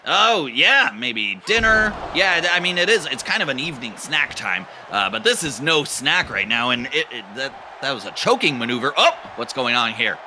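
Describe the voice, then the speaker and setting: Animated, rambling man commentator. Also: on the high side, normal speed, few pauses. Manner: deadpan, rambling, full of fillers. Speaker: play-by-play commentator. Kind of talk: improvised comedy wrestling commentary. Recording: noisy background.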